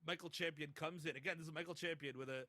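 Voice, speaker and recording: A man in casual conversation about a film, making wry, deadpan asides. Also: a little high, fast, dry recording. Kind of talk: casual film-discussion chat.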